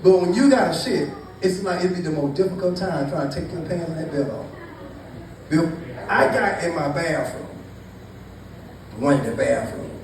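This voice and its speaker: A man's voice: a little high, normal speed, long pauses, darkish tone. A man doing stand-up storytelling to a live crowd, loose and profane, teasing the audience. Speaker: stand-up comedian. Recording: echoey, distant mic with noise.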